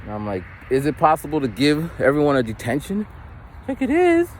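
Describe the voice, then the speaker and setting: A man who works as a teacher, telling stories in a casual chat while walking outdoors, mimicking other people's voices with big jumps in pitch. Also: a little fast, a little hiss or hum, poor audio. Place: outdoors on a street. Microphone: phone camera held while walking.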